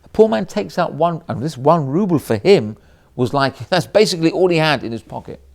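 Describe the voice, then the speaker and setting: High-voiced, animated rabbi telling a story. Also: male voice, brisk, creaky. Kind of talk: storytelling sermon.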